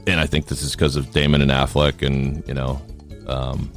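Very deep-voiced man hosting a podcast. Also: level tone, normal speed, soft background music. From Boston area. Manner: chatty, rambling with fillers and restarts. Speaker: podcast host. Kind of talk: casual interview chat.

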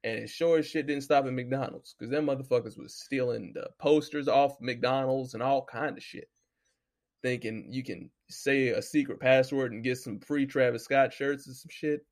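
Gravelly man ranting casually. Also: mid-range voice, moderate pace. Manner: loose, animated storytelling, heavy cursing. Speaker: podcast host. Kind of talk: casual profane commentary.

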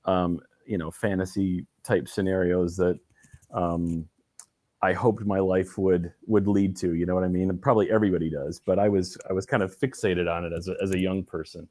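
A man answering interview questions in a relaxed, halting way, with many restarts and fillers. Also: low-pitched, no echo. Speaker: guest. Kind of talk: casual interview conversation.

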